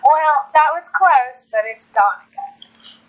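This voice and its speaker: A woman's voice: on the high side, a little slow, a bit bright, dull audio. A woman singer-songwriter from Alabama, chatting as a guest in a casual phone interview, laughing often and restarting her sentences.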